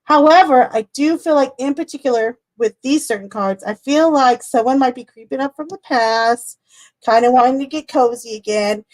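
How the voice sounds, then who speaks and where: A woman's voice: sits high, normal speed, darkish tone. A woman reading tarot on a casual livestream, chatty and rambling, who laughs often and swears casually. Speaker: tarot reader.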